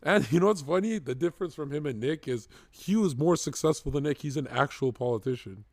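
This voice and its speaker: A man streaming live, reacting to clips with excitable, profane, joking rants. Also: on the high side, brisk, dry recording, clean studio sound.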